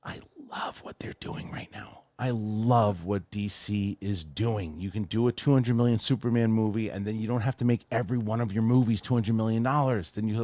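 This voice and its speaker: A middle-aged man hosting a casual chat show, reading viewer questions, animated and swearing casually. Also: on the low side, brisk, few pauses, no echo. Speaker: host.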